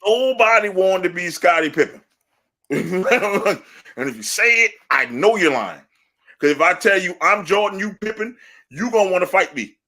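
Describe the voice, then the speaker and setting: A man co-hosting a sports podcast, talking in animated, laughing banter and trash talk. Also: sits high, moderate pace. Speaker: podcast co-host.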